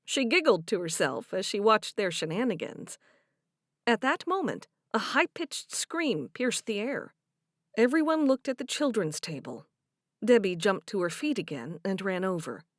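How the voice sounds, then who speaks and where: A woman's voice: medium pitch, very animated, a little slow, no room sound, clean studio sound. A woman reading a novel aloud as an audiobook narrator, giving each character a voice.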